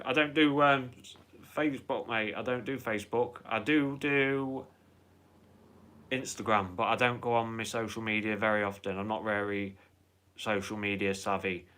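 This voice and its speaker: A man's voice: lowish voice, sharp tone. A man hosting a casual live stream, chatting in a rambling way, swearing freely and reading out viewer comments.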